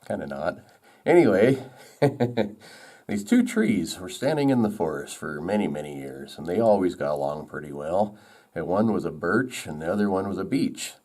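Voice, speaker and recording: A man's voice: low-pitched, animated, normal speed, dark tone, no room sound. A man casually narrating outdoors in the snowy woods, folksy and rambling with lots of fillers. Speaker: outdoors vlogger and trapper. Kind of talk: casual walk-and-talk narration and joke telling.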